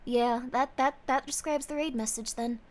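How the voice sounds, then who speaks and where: A bubbly woman streamer with a fairly high voice, chatting casually to her livestream viewers. She gushes and praises freely in an effusive, upbeat way. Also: steady tone, moderate pace.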